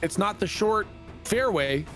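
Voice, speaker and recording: High, lively-voiced man needling a friend. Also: measured pace, vocal fry, music in the background. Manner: dry, needling, profane. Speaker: co-player. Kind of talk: casual gaming banter.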